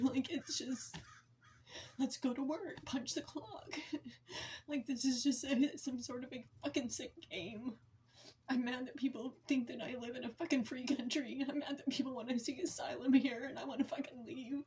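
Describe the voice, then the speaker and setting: Woman, forties, slightly high voice, raw profane venting, halting delivery, faint background noise. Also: steady tone, darkish tone. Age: 40s. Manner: blunt and heavily profane, halting and emotional. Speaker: vlogger. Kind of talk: raw personal venting to camera.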